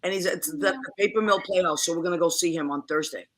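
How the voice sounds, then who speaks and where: Woman host, chatty and animated; bright tone. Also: lowish voice, fast. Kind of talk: casual chat.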